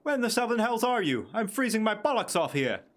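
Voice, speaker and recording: A man voicing a grumbling, cold male conspirator who scolds loudly. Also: high-pitched, very animated, quick pace, voice pushed up. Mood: irritated. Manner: loud exasperated scolding. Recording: game music under voice. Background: video game music.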